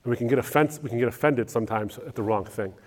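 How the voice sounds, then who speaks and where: A male pastor answering audience questions in a sermon, telling lively stories with frequent restarts. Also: medium pitch, fast. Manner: animated storytelling with frequent restarts.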